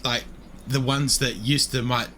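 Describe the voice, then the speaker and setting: A man's voice: mid-range voice, fairly even intonation, measured pace, sharp tone, slight background noise. A man co-hosting a podcast, talking bluntly with frequent swearing in casual chat. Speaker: podcast co-host.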